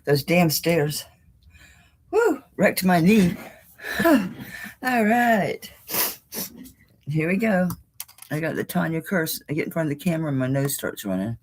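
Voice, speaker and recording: A chatty, self-deprecating woman hosts a live-streamed jewelry auction, greeting viewers one by one. Her voice is slightly husky and a little out of breath, and it sits low but moves lively across its range. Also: normal speed. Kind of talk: casual live-stream chat. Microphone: on-camera mic.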